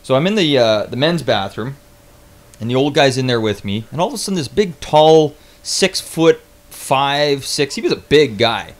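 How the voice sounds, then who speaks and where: A young man casually telling a travel story on his vlog, animated and swearing freely, with lots of restarts. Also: mid-range voice, normal speed.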